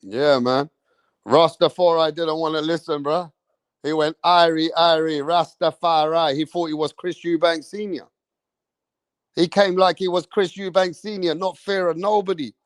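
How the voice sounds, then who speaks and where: A man, hosting a live stream, telling rambling stories in an animated way, swearing often and tagging lines with "bruv". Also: fairly high pitch, moderate pace, no room sound, studio quality. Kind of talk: rambling storytelling.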